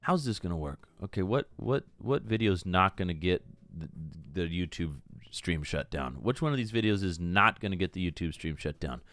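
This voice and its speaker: A man hosting a casual live stream, rambling and excitable with frequent swearing. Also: low-pitched, normal speed, dry recording, soft background music. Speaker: streamer host.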